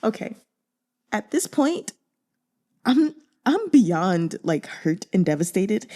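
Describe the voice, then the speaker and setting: A woman's voice: medium pitch, sing-song, slow pace, pauses often, dark tone. A woman reading a novel aloud who then talks candidly and in exasperation about it, using lots of fillers. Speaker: audiobook reader. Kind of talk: casual reader commentary.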